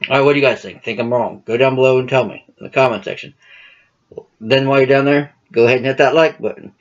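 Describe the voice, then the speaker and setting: A man's voice: medium pitch, fairly even intonation, quick pace, dull audio. A man hosting his own political commentary channel, ranting casually to camera in a profane, combative, heated way.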